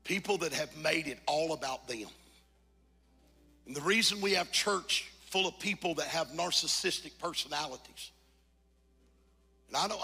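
Husky-voiced preacher in a reverberant church. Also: male voice, on the high side. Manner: moves from quiet confession to shouted, sung preaching climax. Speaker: pastor. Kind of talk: sermon. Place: church sanctuary.

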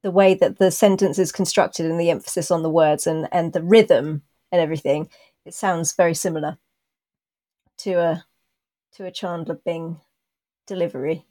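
A woman co-hosting a podcast in casual chat, talking through a TV episode in thoughtful, drawn-out explanations with a dry, self-deprecating humor. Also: on the low side, fairly even intonation, warm tone. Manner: thoughtful, explains her views at length. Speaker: podcast co-host.

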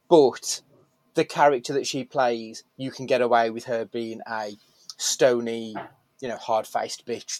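A man's voice: mid-range voice, no room sound, poor audio. Male host, outspoken and profane, dead-dry recording. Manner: blunt, profane, opinionated. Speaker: podcast host. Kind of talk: casual chat.

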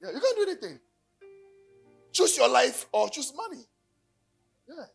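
A middle-aged Ghanaian man preaching a sermon, telling stories and joking, breaking into sudden loud bursts. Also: very high-pitched, big pitch swings, normal speed, vocal fry, faint music behind. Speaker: pastor.

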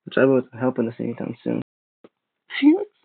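A man reading a creepypasta aloud, steady but stumbling and restarting now and then. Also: mid-range voice, moderate pace, gravelly, husky. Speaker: narrator. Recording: tinny phone-like sound.

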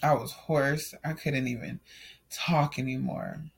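A man's voice: medium pitch, fairly even intonation, measured pace, creaky, slightly rough. A young adult man casually telling a personal story, candid and emotional, speaking in loose run-on sentences. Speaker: storyteller sharing a personal testimony.

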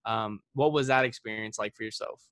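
A young man hosting a casual podcast interview, relaxed and quick to laugh. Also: on the low side, very noisy. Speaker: podcast host.

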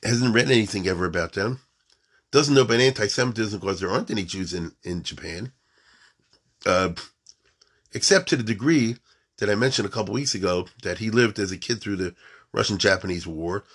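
A man's voice: on the low side, brisk, a bit bright, slightly rough. A man giving an informal storytelling lecture, mixing in Hebrew and Yiddish terms and often checking that his listeners follow.

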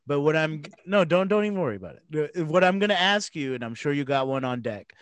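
A man's voice: fairly high pitch, expressive, fast, clean tone, no room sound. A man hosting a podcast segment, chatting casually and cutting in with playful jokes. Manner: playful, jokey interjections. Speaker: podcast host. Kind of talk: casual chat.

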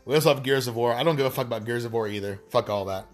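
A man's voice: medium pitch, racing, soft background music. A man talking straight to his audience in a casual, rambling monologue, swearing freely and tossing in wry asides. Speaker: gaming vlogger.

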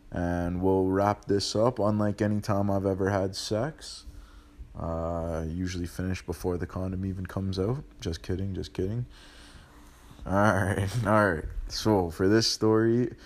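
Profane ranting young man. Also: lowish voice. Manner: profane, blunt street slang; animated, ranting. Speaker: podcast host. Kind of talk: casual monologue.

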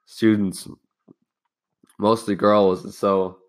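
This young podcast host speaks slowly in a fairly low voice with little pitch movement. On his casual self-help show, he shares a personal story openly and loosely, swearing now and then. He rambles and restarts his sentences.

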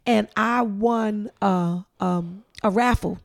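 A middle-aged woman, co-hosting a casual chat and telling stories in an animated way, with loud exclamations. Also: mid-range voice, slow, vocal fry. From New York. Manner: animated storyteller, bursts into loud exclamations and laughter. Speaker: podcast co-host.

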